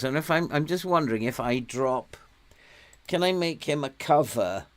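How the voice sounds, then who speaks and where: With a slightly high voice, lively intonation and normal speed, an older man from Wales chats his way through casual gameplay commentary on his stream. He urges his virtual players on, tells them off, and laughs frequently.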